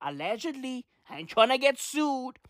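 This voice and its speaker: A young man delivering a comedic rant, animated and slangy, swearing and repeating his punchlines. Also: very high voice, moderate pace, no room sound, studio quality. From South Africa. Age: young adult.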